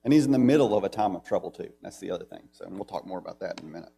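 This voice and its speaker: A Southern American man leads a church Bible class, chatting conversationally and reading scripture aloud with emphasis. His low voice is gravelly and warm, animated and very fast, with a little background noise.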